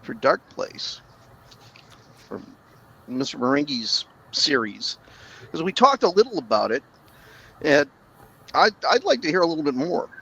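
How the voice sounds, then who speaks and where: Podcast host guy, bright lively voice, dull lo-fi mic with a little hiss. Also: a little high, measured pace, vocal fry, pauses often, breathy edge. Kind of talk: casual podcast chat.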